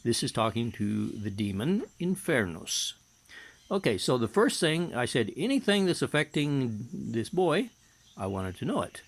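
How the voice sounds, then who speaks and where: A man's voice: medium pitch, very animated, measured pace. A middle-aged man, a hypnotherapist, telling a personal story in a casual, matter-of-fact way while reading and translating from his notes.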